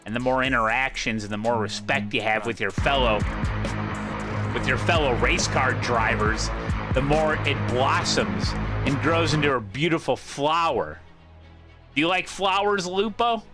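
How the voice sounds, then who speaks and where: A man's voice: mid-range voice, moderate pace, music in the background. A man hosting a sim racing livestream, talking casually and rambling, breaking off and circling back to his point. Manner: rambling, self-interrupting, repeats his points. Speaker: sim racing streamer host.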